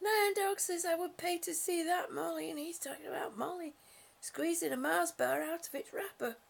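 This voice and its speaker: Woman doing a homey livestream, high voice, gravelly, lots of ums and honeys, reads out comments. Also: moderate pace. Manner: chatty and affectionate, frequent fillers. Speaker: livestream host. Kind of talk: casual chat reading viewer comments. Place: home.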